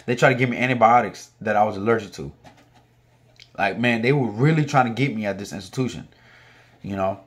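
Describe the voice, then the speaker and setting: A man with a fairly low voice tells a long story in relaxed, slangy talk. He gets animated when he acts out the arguments he had. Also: a little fast. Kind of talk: casual storytelling.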